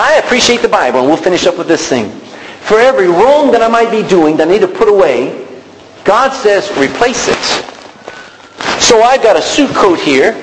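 Male pastor, high lively voice, preaching, long hall echo, faint background noise. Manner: animated preaching with calls of "Amen?", acted quotes and shouts. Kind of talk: sermon.

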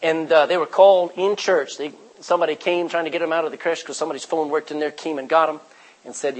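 Male pastor, husky and slightly high, emphatic sermon delivery that drops from loud to near-hushed. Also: steady tone, fast, low-quality recording.

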